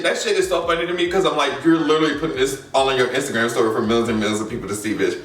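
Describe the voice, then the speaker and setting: A man hosting a casual celebrity gossip vlog, sassy and quick to burst out laughing. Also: mid-range voice, fairly bright tone, echoey room, far from the mic, soft background music. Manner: sassy, laughs often, exaggerated asides. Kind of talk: casual pop-culture commentary.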